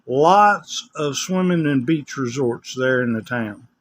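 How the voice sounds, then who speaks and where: A man's voice: mid-range voice, animated, slow pace. Older rambling man, West Tennessee accent. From West Tennessee, USA. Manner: rambling, folksy, easygoing. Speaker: vlogger. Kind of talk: casual chat.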